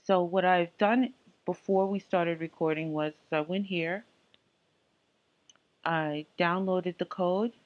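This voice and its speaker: A woman's voice: fairly low pitch, fairly even intonation, takes it slowly, long pauses, phone-quality sound. A woman hosting a casual tech tutorial, chatty and full of small asides and fillers. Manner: chatty, lots of ums and asides.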